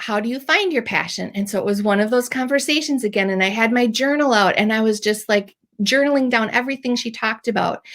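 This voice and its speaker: A woman's voice: on the high side, a bit bright. A middle-aged woman telling a personal faith story as a podcast host, emotional and teary at times, with many fillers. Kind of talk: personal testimony.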